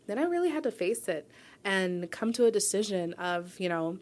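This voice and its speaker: A woman's voice: on the low side, lively intonation, normal speed. A woman in her forties from New York, telling her personal story as a guest in a radio interview. She is earnest and reflective, and she often checks in with the listener by asking "right?". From New York, USA. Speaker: guest, publisher and founder. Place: radio studio.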